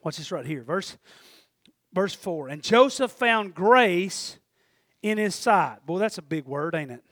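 A man preaching a folksy sermon, swinging from hushed asides to shouted points. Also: high-pitched, animated, a little slow, dry recording, clean studio sound. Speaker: pastor.

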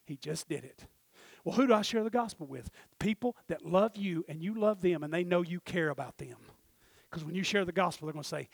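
A middle-aged man, preaching a sermon and swinging from quiet confiding talk to shouted exhortation. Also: fairly high pitch, brisk, gravelly, dry recording. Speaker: pastor.

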